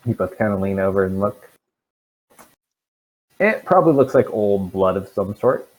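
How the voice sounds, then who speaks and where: A man running a tabletop game as dungeon master, relaxed and hesitant with fillers, over a voice call. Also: on the low side, moderate pace, low-quality recording.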